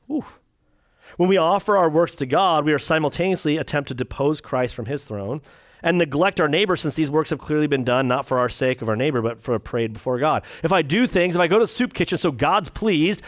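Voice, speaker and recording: A man, a pastor, teaching a church class, reading quotes and joking between them in quick put-on voices. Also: a little high, no room sound, clean studio sound. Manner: animated, jokey, acts out quick voices.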